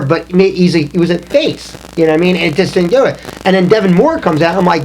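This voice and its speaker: A middle-aged man hosting a casual round-table chat, telling stories in an animated way. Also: high-pitched, fast talker, few pauses, slight background noise. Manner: storytelling, animated. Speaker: host.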